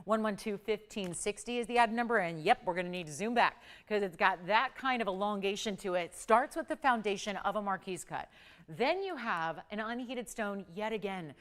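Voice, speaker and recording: A woman's voice: mid-range voice, animated, normal speed, fairly bright tone. A woman hosting a live TV jewelry shopping show, pushing deals with urgent, upbeat sales patter and counting prices down. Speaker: shopping channel host. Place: TV studio.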